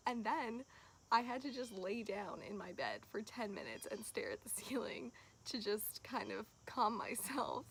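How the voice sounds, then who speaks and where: A woman reviewing a book to camera in a chatty, gushing way, full of "like"s and quick laughs. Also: a little high, expressive, a bit bright, slight background noise. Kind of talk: casual chat to camera.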